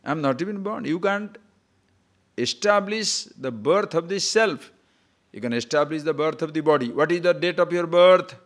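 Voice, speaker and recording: An older man giving a spiritual discourse as a teacher, animated, asking rhetorical questions and chuckling now and then. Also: fairly high pitch, normal speed.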